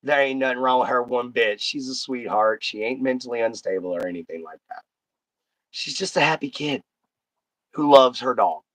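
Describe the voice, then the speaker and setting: Streamer host, male, blunt and folksy, medium pitch, close dry sound. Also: normal speed, fairly bright tone, no room sound. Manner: blunt, folksy, talks straight to chat. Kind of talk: casual live-stream chat.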